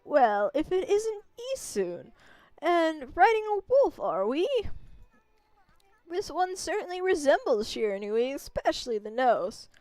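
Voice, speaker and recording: A woman's voice: high voice, very animated, unhurried, dry recording, pitched above the performer's own voice. A woman voicing a kindly, fussy old village grandmother with a put-on Southern drawl, talking in a folksy, fretful way. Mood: doting fretful. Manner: folksy, fretful, gently doting. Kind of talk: voicing game characters while streaming.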